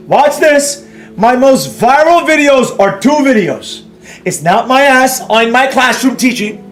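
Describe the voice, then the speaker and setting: A man hosting a live trading stream, scolding his audience with emphatic repeats and rhetorical questions while reading and answering chat. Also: very high-pitched. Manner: reads and answers viewer chat. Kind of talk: ranting live-stream lecture.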